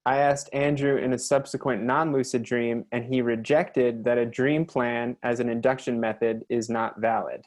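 A man's voice: mid-range voice, little pitch movement, normal speed, hardly any pauses, darkish tone. Man plainly reading out questions. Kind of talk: reading chat questions aloud. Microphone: video call.

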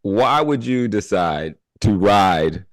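A man's voice: on the low side, lively intonation, slow, dry recording. A man hosting a podcast in casual chat, joking, laughing often and steering the conversation. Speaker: podcast host.

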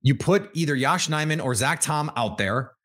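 Solo sports-pod host, male, a touch higher-pitched than most men, chatty and wry, sarcastic when needed. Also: expressive, normal speed, fairly bright tone. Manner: conversational, thinks aloud, wry and sarcastic asides. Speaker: podcast host and team beat writer. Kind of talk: solo sports podcast commentary.

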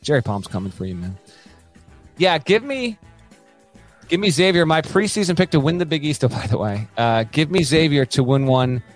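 Man, slightly high voice, animated sports podcast co-host, quick asides, faint music underneath. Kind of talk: casual sports podcast chat.

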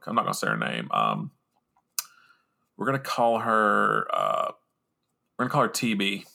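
Hosting his podcast, a young man wanders through a story with free swearing and self-mockery, speaking casually and often restarting or using fillers. His voice is low, with a gravelly fry and a bright, forward edge.

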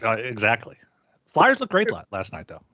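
A man's voice: mid-range voice, wildly swooping pitch, normal speed, sharp tone, dry recording, highs cut off. A man co-hosting a podcast, rambling in casual banter with lots of fillers and laughs. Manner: rambling, giggly, filler-heavy. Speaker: podcast co-host.

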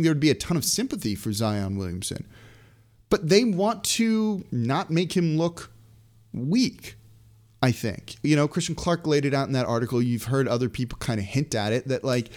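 Male sports podcast host, slightly high voice, chatty solo commentary full of asides. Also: moderate pace. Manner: animated, conversational, frequent asides.

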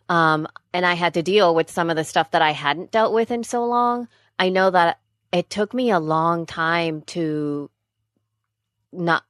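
A woman's voice: low voice, fairly bright tone, dry recording, clean studio sound. A woman in casual chat, talking candidly and rambling, often correcting herself mid-sentence.

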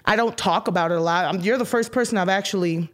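Woman telling a raw, halting story. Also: on the low side. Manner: halting, searching, with restarts and dropped whispers. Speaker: interview guest, musician. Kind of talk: candid emotional storytelling.

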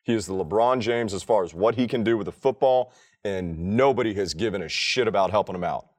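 A man's voice: on the low side, fairly quick, a little mellow. A man co-hosting a casual sports podcast, ranting emphatically and swearing freely. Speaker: podcast co-host.

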